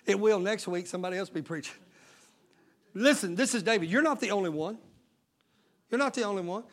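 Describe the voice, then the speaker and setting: A male pastor preaching a sermon, swelling into loud shouted passages. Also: high voice, lively intonation, brisk, pauses often. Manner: preaching with sudden shouted surges and folksy Southern-style talk.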